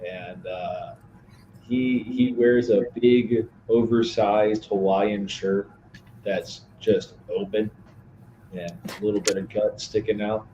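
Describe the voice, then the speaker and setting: A man's voice: fairly low pitch, steady tone, slow, dark tone, highs cut off, a little hiss or hum. A man playing a tabletop game, describing his character in a laid-back, rambling way. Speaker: player. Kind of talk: casual chat describing a character.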